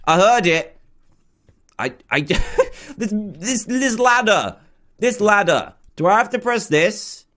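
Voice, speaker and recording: An excitable man gives chatty let's-play commentary, muttering to himself between bursts of cheering. His voice sits fairly high for a man and swings widely, jumping up sharply on wins and dropping low and quiet when he is unsure. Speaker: gaming channel host.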